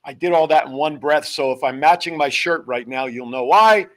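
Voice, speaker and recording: A man hosting a live studio talk show, joking and running through announcements in quick, upbeat patter. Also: on the high side. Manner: jokey, upbeat, rapid patter. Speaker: host. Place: television studio.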